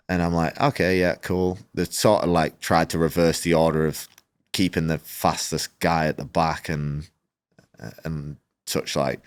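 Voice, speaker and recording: A man with a deep, low voice recounts his experience as a racer, speaking casually and with animation. He slips into quoted back-and-forth and peppers his speech with "like". The sound is close and dry, with no room echo. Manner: animated, acts out quoted exchanges, frequent "like" fillers. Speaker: motorcycle racer, podcast guest. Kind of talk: casual storytelling in an interview.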